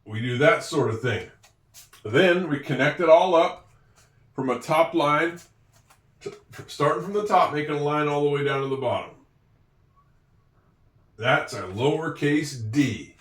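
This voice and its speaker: Male teacher, slow and patient explainer, echoey room, slightly off-mic. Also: fairly high pitch, a bit bright, far from the mic. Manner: patient, slow and explanatory, self-deprecating asides. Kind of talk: handwriting lesson.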